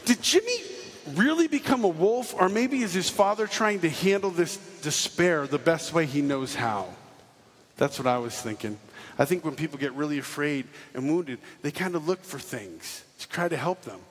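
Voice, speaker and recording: Giving a testimony talk on stage in a large hall, a man with a slightly rough voice on the high side speaks at normal speed. He's animated and jokey, acting out the people in his story for the live crowd, in a reverberant space with faint ambience.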